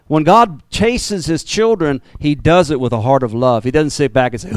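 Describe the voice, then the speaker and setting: Smooth-voiced man preaching with animated swings. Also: moderate pace, hardly any pauses, dry recording. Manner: animated preaching with jumps in pitch and repeated words. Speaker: pastor. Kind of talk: sermon.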